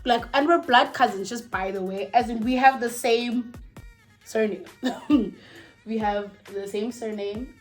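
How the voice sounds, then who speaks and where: A young South African woman telling a personal story at home in a chatty, animated way, swearing freely and losing her thread now and then. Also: medium pitch. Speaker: vlogger. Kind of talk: casual storytime.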